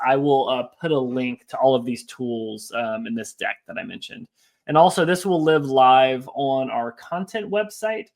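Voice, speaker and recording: A man hosting a live webinar, presenting slides in a relaxed, conversational way with frequent fillers and quick replies to chat questions. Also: medium pitch. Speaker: host of a live business webinar. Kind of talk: casual presentation walking through slides.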